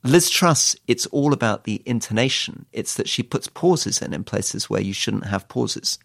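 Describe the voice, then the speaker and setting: A man's voice: fairly low pitch, animated, a little slow, vocal fry, fairly bright tone, no room sound. A British man, a former politician turned author, giving dry, wry interview answers. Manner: dry, wry storytelling with quoted asides.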